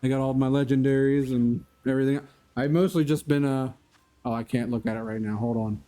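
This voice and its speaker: While playing a video game on a live stream, this man talks casually with his audience, laughs a lot, and calls out chat members by name. He has a medium-pitched, mellow voice with fairly even intonation and a fairly quick pace.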